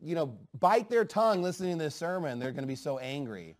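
A man delivering a fiery sermon in a high-set, very animated voice. His pitch climbs and dives all through the preaching. He moves from muttered asides to forceful, emphatic outbursts. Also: fast. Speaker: pastor.

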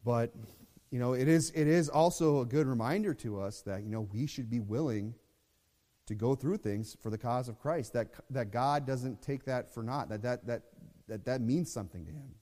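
A man's voice: mid-range voice, normal speed, mellow, big-room sound. A man teaching a Bible study in a loose, conversational way, repeating words and reading scripture aloud.

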